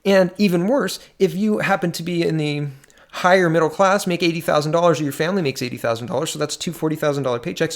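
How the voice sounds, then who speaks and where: A man's voice: on the high side, vocal fry. A man giving indignant, sarcastic commentary on politics, reading out articles and breaking in with his own remarks. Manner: indignant, sarcastic, fast-shifting emphasis.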